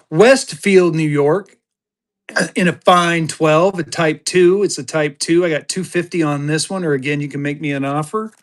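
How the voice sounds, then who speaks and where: A man from Colorado hosting a live selling stream, talking fast in an upbeat sales patter. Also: a little high. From Colorado, USA. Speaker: live-stream currency seller.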